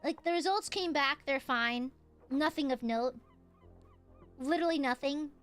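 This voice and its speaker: Playful high-voiced woman streamer. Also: unhurried, fairly bright tone, faint music behind. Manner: playful, crude, laughs often. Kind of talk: casual game streaming chat.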